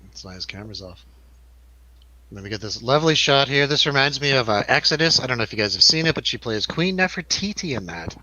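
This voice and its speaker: A man's voice: medium pitch, lively intonation, fast, pushed and bright, no echo, lo-fi sound. A man hosting a casual film review chat, joking and laughing often. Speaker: radio show host.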